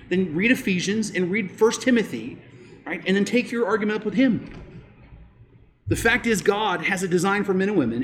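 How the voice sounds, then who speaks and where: A man preaching a sermon as pastor, emphatic, rising on key points and dropping low and slow to press them home.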